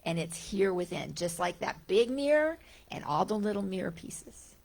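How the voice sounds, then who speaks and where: A woman's voice: medium pitch, expressive, normal speed, creaky, darkish tone. A woman giving a conversational spiritual talk to a congregation, often voicing everyday thoughts aloud and repeating key phrases. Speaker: guest speaker. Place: church sanctuary.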